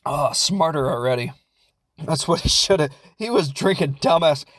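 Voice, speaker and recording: A man's voice: a little high, lively intonation, moderate pace, a bit bright, no room sound. Rambling, jokey Midwestern American man. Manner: rambling, jokey, self-deprecating. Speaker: podcast host. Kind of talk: casual comedic film recap.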